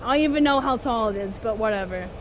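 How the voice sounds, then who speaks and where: A young woman giving let's play commentary on a horror game, exasperated and complaining, shouting at her character. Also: a little high, expressive, quick pace, noisy background. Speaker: gamer playing a horror game.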